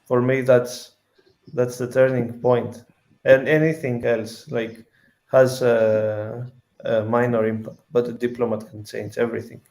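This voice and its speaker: A man from Greece, speaking earnestly and haltingly in a casual video call debate. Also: mid-range voice, flat delivery, vocal fry, a little mellow. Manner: earnest, halting, restarts sentences. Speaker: panel participant.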